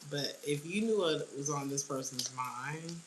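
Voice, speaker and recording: Woman, low-pitched tarot reader, blunt slang, frequent laughs; faint hiss on the track. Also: unhurried. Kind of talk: casual tarot reading.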